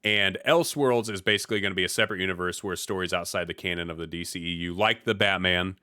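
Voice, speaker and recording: A man's voice: low-pitched, quick pace, bright, forceful tone, smooth, no room sound, clean studio sound. A man from the US Midwest hosting a podcast in casual chat, laid-back with slang and frequent restarts. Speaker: podcast host.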